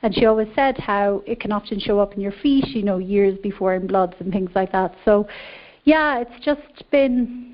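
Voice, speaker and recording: A woman's voice: mid-range voice, moderate pace. An Irish woman calling in to a show, chatty and upbeat. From Ireland. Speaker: caller. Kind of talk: casual phone-in chat. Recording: dull lo-fi call audio.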